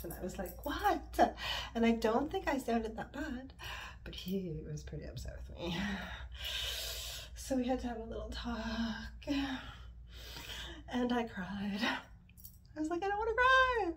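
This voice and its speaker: A woman's voice: fairly high pitch, a little mellow. Rambling, confessional woman vlogging from her bed. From Montreal, Canada. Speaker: yoga and stretching vlogger. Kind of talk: casual personal vlog chat. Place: her bedroom, sitting on the bed.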